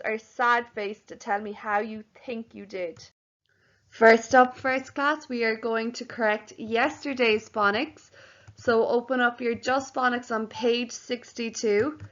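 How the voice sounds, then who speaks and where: A woman teaching a recorded home phonics lesson to young children, slowly spelling out letters and syllables. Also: a little high, steady tone, fairly bright tone, highs cut off. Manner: slow, clearly sounding out letters and syllables. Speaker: primary school teacher.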